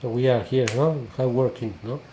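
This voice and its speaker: A man hosts a relaxed parish interview, tossing in little tag questions as he talks. His voice is mellow and dark. The room rings with echo, and a faint noise sits underneath. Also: mid-range voice, normal speed. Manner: switches between English and Spanish, tag questions. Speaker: parish priest and host. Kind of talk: casual bilingual interview.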